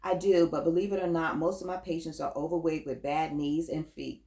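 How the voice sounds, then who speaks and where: A cocky, smooth-talking male doctor in his thirties, self-assured and flirting, as a woman reads him in her own low voice. The voice sits fairly deep and the recording has a roomy echo. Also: level tone, a little fast, a little mellow. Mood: flirtatious.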